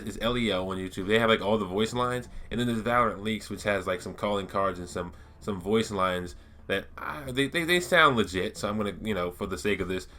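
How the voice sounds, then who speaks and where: A man's voice: lowish voice, sharp tone. A man talking casually and enthusiastically to his viewers, rambling with lots of fillers and restarts. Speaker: gaming YouTuber. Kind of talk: casual lore-talk vlog.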